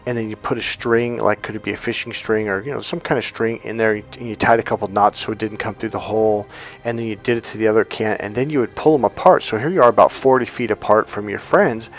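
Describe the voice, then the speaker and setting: Animated man coaching. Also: fairly low pitch, quick pace. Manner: animated storyteller, acts out quoted voices. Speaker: relationship and communication coach. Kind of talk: motivational teaching talk.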